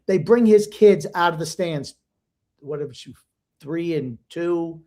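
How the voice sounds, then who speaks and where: Older man, blunt sports talk, higher voice, mellow tone. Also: takes it slowly. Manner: blunt, opinionated, emotional. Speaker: podcast co-host. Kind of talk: casual sports chat.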